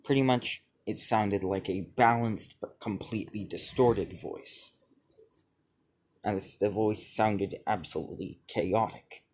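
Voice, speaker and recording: Slow, husky man narrating haltingly. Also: fairly low pitch, darkish tone. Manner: halting, many restarts and repeated "as he would". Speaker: fan storyteller. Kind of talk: improvised fan-fiction narration.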